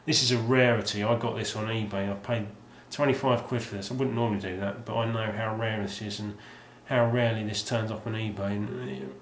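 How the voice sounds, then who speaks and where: This lowish male voice is brisk, fairly even in intonation, and barely pauses as he rambles hesitantly through his game collection, full of ums and restarts. Slight background noise sits under a roomy sound with faint ambience.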